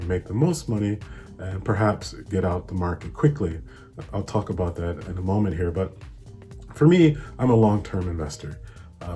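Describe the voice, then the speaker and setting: A young man with a Hawaiian accent talks through investing basics in a relaxed, chatty vlog, laughing easily as he goes. His voice sits low and mellow, and faint music plays underneath. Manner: easygoing, chatty, laughs often. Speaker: investing channel host. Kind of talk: casual explainer vlog. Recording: soft music behind.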